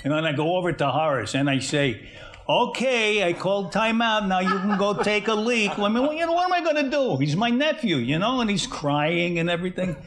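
A boisterous, foul-mouthed old man rattles off a tale in a TV drama. The voice sits high and leaps all over the place. He laughs through his own words and squeals when he mimics a whiny child. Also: animated, fairly quick, a bit bright. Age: older. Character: crude boisterous old man telling a story. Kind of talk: TV drama monologue.

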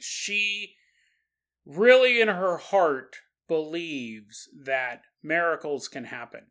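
A male podcast host telling a story in a relaxed, conversational style, often pausing for asides to the listener. His voice is bright and forward in tone, and he talks at an unhurried, slow pace. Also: fairly high pitch.

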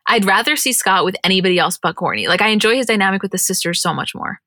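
Young woman, podcast co-host, bright voice, dry close sound, chatty, animated. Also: medium pitch, fast, no room sound. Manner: chatty, animated, swears casually. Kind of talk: casual chat.

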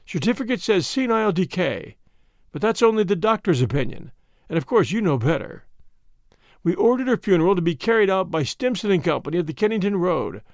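A big, oily swindler in an audiobook, his voice pitched high and swinging widely between soothing and sneering, as a male reader puts him on. The sound is close and dry. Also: no echo. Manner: oily, mocking. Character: burly unctuous swindler, smooth then sneering.

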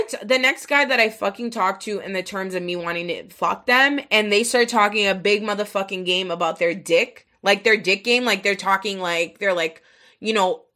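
A woman's voice: medium pitch, bright, forceful tone. A young woman hosting a podcast, telling a story in casual, frank, profane talk full of filler words. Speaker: podcast host.

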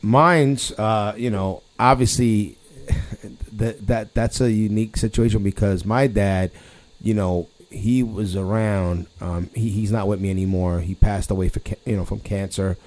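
Middle-aged man, podcast host, somewhat low voice, halting casual chat. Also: fairly even intonation, a little mellow, poor audio. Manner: halting, many restarts, laughs easily.

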